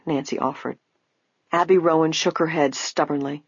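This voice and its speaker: A woman narrating a book in a measured, even way, her voice husky and mid-pitched. The recording is dry and close, with a dull, lo-fi sound. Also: no room sound. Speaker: audiobook narrator. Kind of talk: scripted narration.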